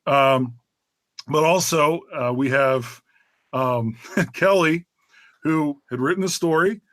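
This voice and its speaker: A man's voice: fairly high pitch, takes it slowly, a bit bright, dry recording, studio quality. A man hosting a podcast, talking casually and hesitantly with many fillers. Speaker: podcast host. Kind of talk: casual chat.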